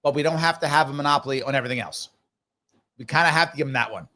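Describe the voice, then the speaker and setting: A man's voice: medium pitch, very fast, bright, forceful tone. A man hosting a live stream, chatting casually and reading viewer comments aloud, upbeat and repetitive. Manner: chatty, upbeat, repeats himself. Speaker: host.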